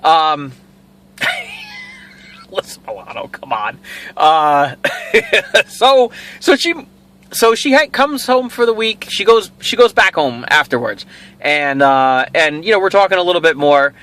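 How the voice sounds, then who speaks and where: A man's voice: on the high side, unhurried, long pauses. A middle-aged man hosting a casual video, rambling through a personal story and acting out what each person said. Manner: rambling, animated, acts out quoted dialogue. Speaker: toy show host.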